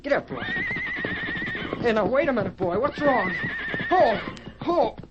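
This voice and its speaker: Man playing a wide-eyed teenage boy, breathless exclamations, 1940s radio play, fairly high voice, hissy recording. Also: animated, normal speed, highs cut off, natural voice. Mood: coaxing. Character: excitable teenage boy on horseback. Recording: noisy 1940s radio transcription.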